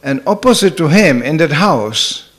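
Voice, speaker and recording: Older man, slightly high voice, humorous sermon anecdotes, conversational, many "you know"s. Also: sing-song, measured pace, a bit bright. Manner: humorous, laughs at his own stories. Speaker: spiritual teacher. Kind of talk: sermon storytelling.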